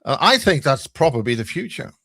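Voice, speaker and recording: A man's voice: fairly high pitch, very animated, a little fast, gravelly, sharp tone, slightly rough, dry recording, clean studio sound. A man with a Northern Irish accent, rambling and joking through stories as a guest on a video-call chat show. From Northern Ireland. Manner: rambling, joking storyteller with many restarts. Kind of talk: casual chat.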